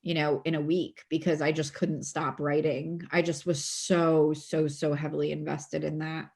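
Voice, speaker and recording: Chatty low-voiced woman author, laughing often. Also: normal speed, creaky. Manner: animated, laughs often, frequent fillers and restarts. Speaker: guest author. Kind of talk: casual podcast interview.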